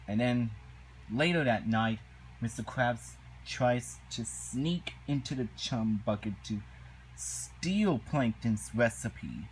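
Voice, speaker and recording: A man ranting through a casual episode review at an unhurried, plodding pace. He stops and restarts often, piling on "and then" between indignant complaints, in a voice of ordinary pitch. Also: a little hiss or hum, low-quality recording. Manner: halting, repetitive, indignant.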